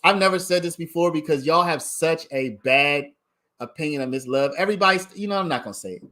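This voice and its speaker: A man's voice: a little high, quick pace, bright, forceful tone. A man hosting a casual livestream, giving his commentary in a chatty way and talking straight to his viewers. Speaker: livestream host commenting on a trial.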